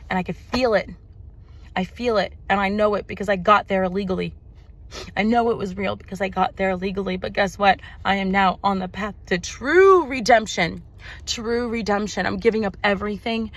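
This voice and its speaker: Emphatic, swearing woman preaching to viewers. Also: mid-range voice. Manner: emphatic, profane, repeats phrases for emphasis; preachy, addresses viewers directly. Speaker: spiritual vlogger. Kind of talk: emotional personal testimony.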